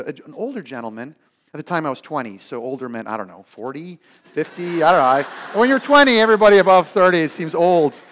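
A man preaching a sermon and telling a personal story, moving from loud emphasis to hushed asides and acting out the people in it. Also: high-pitched. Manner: acts out the people in his stories. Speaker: pastor.

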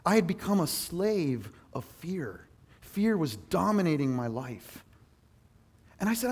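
A male pastor preaching a sermon, earnest and self-deprecating, telling personal stories in an animated way. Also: fairly high pitch, moderate pace.

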